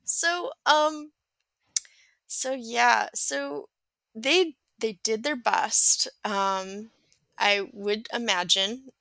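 Female host, deadpan rambling recap, unhurried delivery, bright tone, dry close sound. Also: a little high, vocal fry, no echo. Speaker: podcast host summarizing a film. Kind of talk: casual chat.

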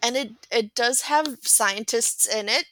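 A woman hosting a casual chat, recapping a film in a rambling, deadpan way. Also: fairly high pitch, takes it slowly, a little hiss or hum. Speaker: podcast host summarizing a film.

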